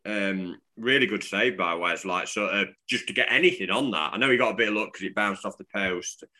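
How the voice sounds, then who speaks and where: Bright-voiced man chatting about football. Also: fairly low pitch, brisk. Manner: rambling, restarts often, chuckling. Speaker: podcast co-host. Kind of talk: casual football podcast chat.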